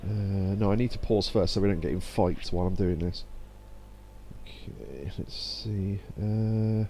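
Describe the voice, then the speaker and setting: A young man chats his way through a game stream, laughing easily and reading on-screen text aloud. His voice sits fairly low and sounds mellow and relaxed, with faint game sounds underneath. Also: measured pace, a little hiss or hum. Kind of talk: casual let's-play commentary.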